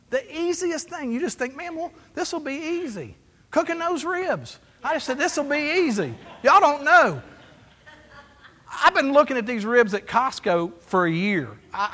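A male pastor preaching a sermon in a church, telling stories and acting out the dialogue. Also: very high voice. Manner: storytelling, animated, acts out dialogue. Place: church sanctuary. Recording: long hall reverb.

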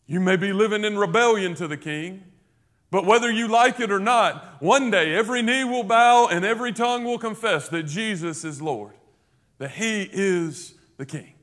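A man's voice: sits high, lively intonation, moderate pace, fairly bright tone. A man preaching a sermon, emphatic and rising in volume on key points, with conversational asides to the listeners. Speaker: pastor.

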